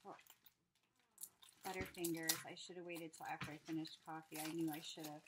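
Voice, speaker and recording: A woman from Maine with a Maine accent, chatting casually and gushing excitedly as she unboxes craft mail at home. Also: low voice, fairly quick, pauses often, heavy background noise. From United States. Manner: gushing, excitable, exclaims often. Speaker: crafting YouTuber. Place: snowed-in home with a dog nearby.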